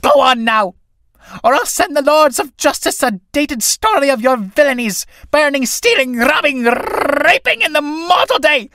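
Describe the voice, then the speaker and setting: A man voicing an enraged older priest in a play reading, shouting shrill threats. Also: lively intonation, moderate pace, long pauses, a little hiss or hum. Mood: furious.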